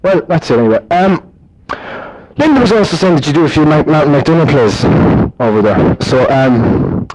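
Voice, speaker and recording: A man's voice: expressive, moderate pace, darkish tone, low-quality recording. Chatty Irish man from Limerick. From Ireland. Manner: chatty, rambling, jumpy pitch. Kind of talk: casual recorded self-introduction.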